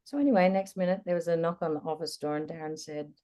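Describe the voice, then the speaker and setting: A woman guest in an interview, candidly recounting a personal experience in a reflective, lively way. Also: deep voice, fast. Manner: candid, reflective, animated retelling. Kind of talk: personal storytelling in conversation.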